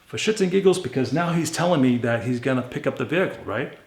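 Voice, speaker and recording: Gravelly man telling a blunt story. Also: mid-range voice, fast talker. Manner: blunt, animated retelling with quoted dialogue. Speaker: car flipper vlogger. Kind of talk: casual storytelling. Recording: roomy echo.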